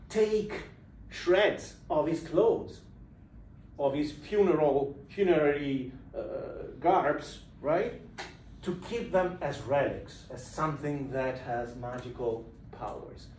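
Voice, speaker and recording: A man giving a university lecture, explaining lively and putting questions to his students in a lecture room. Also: on the high side, recorded from a distance. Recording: echoey room recorded from afar, faint noise.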